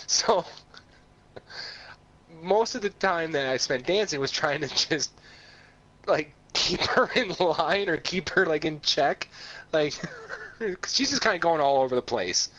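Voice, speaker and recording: A man co-hosting a pop-culture podcast, telling a story with a lively, swooping voice and frequent laughter. His pitch sits a little high, and the recording sounds dull and lo-fi. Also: a little slow, long pauses. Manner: animated storyteller, laughs often, does voices in quotes. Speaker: podcast co-host. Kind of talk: casual chat.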